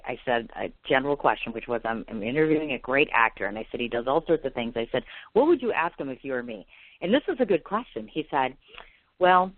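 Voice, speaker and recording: A man's voice: medium pitch, no echo. A middle-aged man hosting an interview, chatty and playful as he asks questions. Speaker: interview host. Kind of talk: casual interview. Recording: dry, tinny phone-like line.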